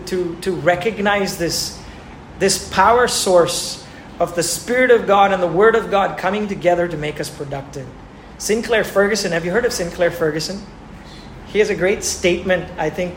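A man preaching a sermon who asks his listeners questions and repeats words for emphasis. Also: high voice. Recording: echoey room with faint ambient noise.

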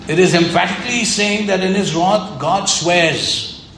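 A man delivers an earnest sermon, repeating his points for emphasis. His voice sits a little high and has a gravelly edge. The room is echoey, with a faint hum of ambient noise behind him. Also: measured pace, a bit bright. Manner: earnest, repetitive, emphatic preaching. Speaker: preacher.

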